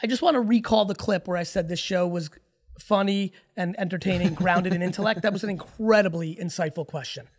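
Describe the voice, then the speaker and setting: A man in his forties, a podcast guest, talking in a casual, emphatic and profane way with rapid-fire stories. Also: sits high. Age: 40s.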